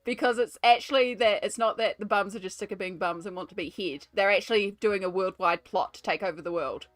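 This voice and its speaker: A woman's voice: medium pitch, a little fast, no echo, soft background music. A woman with a New Zealand accent chatting and telling stories on a live stream while colouring, with frequent laughter. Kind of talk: casual chat while colouring.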